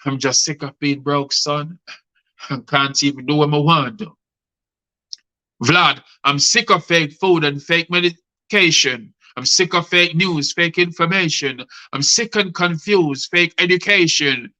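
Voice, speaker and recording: Bright-voiced man reciting spoken-word poetry. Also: on the high side, measured pace, rough recording. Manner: rhythmic spoken-word delivery, addressing guests by name. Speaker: host and poet. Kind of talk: reciting rhyming poetry on a live show.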